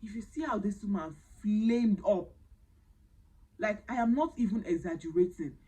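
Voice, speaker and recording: A Nigerian woman recounts a story to her camera in a casual storytime style. She tells it with animated, dramatic energy and slips into Pidgin phrases. Her voice sits at an ordinary middle pitch, recorded close on a camera mic. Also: moderate pace, low-quality recording. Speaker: vlogger telling a personal story.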